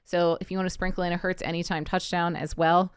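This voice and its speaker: A woman's voice: lowish voice, little pitch movement, quick pace, clear, resonant tone, no room sound, clean studio sound. A woman on a sports betting panel, chatting casually about her picks with plenty of "like" and "um". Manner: chatty, fills with "like" and "um".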